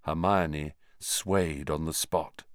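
A man reading a storybook aloud in expressive scripted narration. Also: extremely low pitch, slow, smooth, no room sound, studio quality. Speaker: audiobook narrator.

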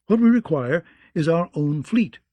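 A man's voice: a little high, expressive, unhurried, dark tone, no echo, pitched above the performer's own voice. A man reading the lines of a cold, commanding queen in an audiobook. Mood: imperious. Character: proud imperious queen, woman.

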